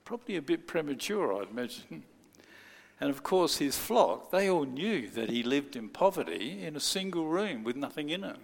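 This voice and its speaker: A man's voice: fairly high pitch, big pitch swings, moderate pace, creaky. A man preaching a sermon, telling a story and acting out the people in it. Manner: storytelling, acts out quoted voices. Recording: long hall reverb.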